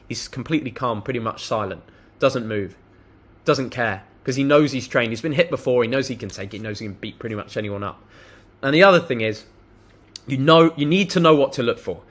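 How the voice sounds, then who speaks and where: A young man speaks straight to camera in a blunt, conversational way, dropping casual swear words as he tells his story. His voice sits at an ordinary middle pitch, and he talks with plain, no-nonsense confidence. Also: a bit bright. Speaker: self-improvement vlogger. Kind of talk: direct-to-camera advice monologue.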